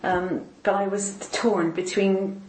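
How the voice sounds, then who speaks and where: A woman being interviewed, recounting a personal faith story in a halting, emotional way, often repeating her words. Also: mid-range voice, flat delivery, a little mellow. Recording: roomy echo.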